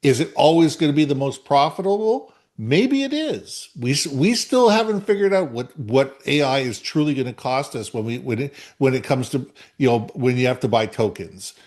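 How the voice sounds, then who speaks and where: A man's voice: medium pitch, expressive, a little fast, few pauses, darkish tone. A man co-hosting a business podcast in casual conversation, speaking earnestly and often repeating words as he thinks. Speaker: podcast co-host.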